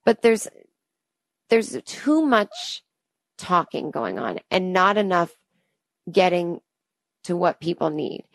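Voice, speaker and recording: A woman in her thirties hosts a podcast and tells a comic story from her own life. She talks in an exasperated, rambling, self-deprecating way, in a lowish voice. The sound is dry and close. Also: wildly swooping pitch, takes it slowly, long pauses, no room sound. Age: 30s. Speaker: podcast host. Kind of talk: comedic storytelling monologue.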